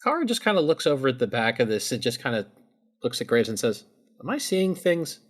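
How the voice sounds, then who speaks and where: A man narrating a tabletop role-playing game as game master, describing scenes in a relaxed, casual way. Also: medium pitch, quick pace.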